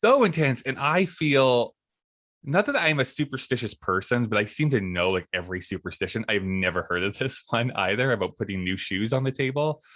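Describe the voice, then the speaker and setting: A man's voice: mid-range voice, a little fast, no echo, clean studio sound. A man guesting on a podcast, chatting casually and laughing easily. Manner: relaxed, laughing, frequent agreeing. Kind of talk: casual chat.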